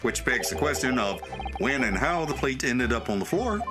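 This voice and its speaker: A man's voice: medium pitch, lively intonation, normal speed, close to an everyday voice. A man voicing an anxious young lawyer in a game read-through, wry and fretful. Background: game music.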